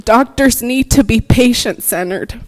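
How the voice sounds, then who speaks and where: A woman's voice: a little high, a little slow, darkish tone, low-quality recording. A woman therapist giving earnest, emotional public comment at a board meeting, reading prepared remarks.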